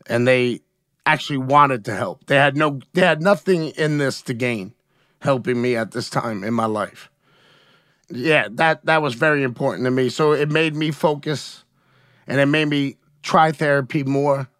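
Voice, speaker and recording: A man's voice: medium pitch, fairly bright tone, no room sound, clean studio sound. A man as an interview guest, talking frankly and emotionally about his feelings, often asking "you know what I mean?". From United States. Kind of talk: candid conversational interview.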